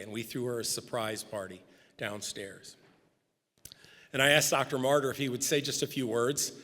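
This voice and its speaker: A middle-aged man tells gently funny stories in a eulogy. His voice sits at an ordinary pitch and rings with the long reverb of a big church hall. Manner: anecdotal, gently humorous storytelling. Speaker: speaker giving a memorial tribute. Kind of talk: eulogy storytelling. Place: large church sanctuary.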